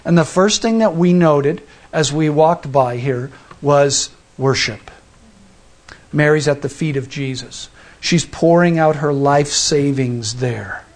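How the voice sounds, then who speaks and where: A man's voice: on the high side, slow pace. A man preaching a sermon in a conversational, storytelling way, often restarting his sentences. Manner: conversational, acts out the people in the story; frequent restarts and fillers. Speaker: pastor.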